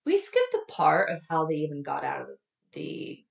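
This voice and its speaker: A woman's voice: sits low, wildly swooping pitch, moderate pace, gravelly, roomy sound, distant mic. A woman co-hosting a casual movie review podcast, acting out the characters' lines with big jumps in her voice. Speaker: podcast co-host.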